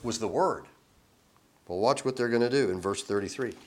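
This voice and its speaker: A man with a voice on the low side gives informal Bible teaching. He reads scripture slowly and with emphasis, then chats and chuckles between verses.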